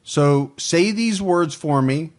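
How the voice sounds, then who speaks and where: A male podcast host with a voice sitting a touch higher than most men's, talking casually with a co-host. He goes through supporter names and then the facts of a case in a dry, matter-of-fact manner. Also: slow pace. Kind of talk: casual true crime podcast chat.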